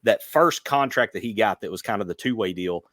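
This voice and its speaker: A man co-hosting a casual sports podcast, measured and hedging his points. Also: on the low side, animated, a bit bright, dry recording, studio quality. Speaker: podcast co-host.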